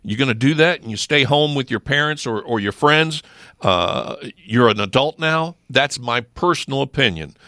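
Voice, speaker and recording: A middle-aged man speaks as a regular guest in a radio studio. His voice is bright and forceful, and the close mic gives a dry sound. His talk is emphatic, with rhetorical questions and quick restarts. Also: mid-range voice, lively intonation, no room sound. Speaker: sheriff's office lieutenant, regular guest. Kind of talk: casual studio chat.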